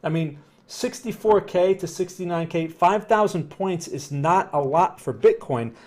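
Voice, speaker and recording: A man's voice: high-pitched, unhurried, a little mellow. A man with a Northern New Jersey accent, live-streaming trading analysis in a conversational, explanatory way and often checking that viewers follow. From New Jersey, USA. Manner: upbeat when greeting viewers.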